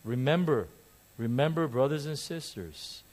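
A man preaching a sermon in a church to a congregation, animated and self-deprecating, joking and repeating phrases for emphasis. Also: mid-range voice, a little slow. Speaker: pastor.

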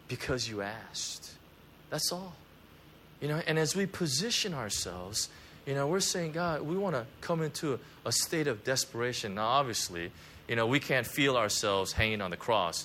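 A man preaching a sermon, pastoral and animated, with frequent stammered restarts as he builds up to pleading prayers. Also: medium pitch, slight background noise.

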